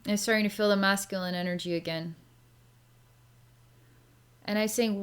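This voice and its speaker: A psychic reader works through a casual spoken session in a loose, chatty, rambling way, packed with likes and ums. Her medium-pitched voice is clear and resonant, steady in tone, at normal speed with long pauses.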